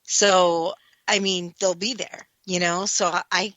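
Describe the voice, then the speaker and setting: A woman with a bright, clear voice tells a story in an earnest, rambling way, circling back and repeating herself. She is heard up close in a dry, dead sound. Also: on the low side, flat delivery, slow pace, no echo, lo-fi sound. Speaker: psychic medium co-host. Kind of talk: emotional personal storytelling.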